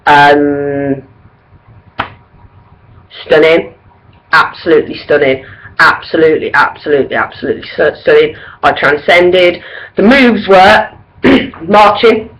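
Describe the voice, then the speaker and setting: A woman's voice: medium pitch, a little slow, a little hiss or hum, poor audio. A woman in her thirties in a casual to-camera vlog, gushing and rambling through a concert review with lots of ums and likes. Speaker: vlogger.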